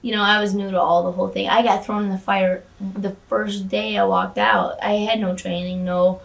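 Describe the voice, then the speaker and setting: A woman's voice: mid-range voice, little pitch movement, moderate pace, vocal fry, distant mic. A woman guest in a casual interview, chatty and candid, often restarting her sentences and swearing freely. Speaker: former wrestling valet, interview guest.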